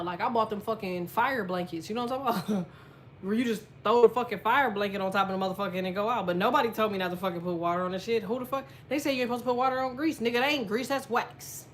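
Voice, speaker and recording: A woman's voice: mid-range voice, fairly quick, slight background noise. A woman telling a personal story in a casual monologue, blunt and swearing constantly. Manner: lively storyteller, quietens when telling sad parts. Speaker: astrology content creator.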